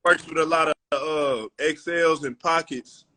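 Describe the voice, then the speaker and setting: A man's voice: fairly high pitch, fairly even intonation, a little slow, bright, forceful tone, slight background noise. A man hosting a live podcast in a loose, slangy way, calling out viewers and friends. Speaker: podcast host. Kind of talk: casual live-stream chat.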